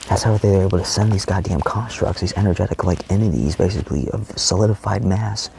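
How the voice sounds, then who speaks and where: Gravelly, swearing man rambling in monologue. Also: sits low, fast talker, background noise. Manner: profane, rambling, often dropping to a whisper. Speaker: vlogger.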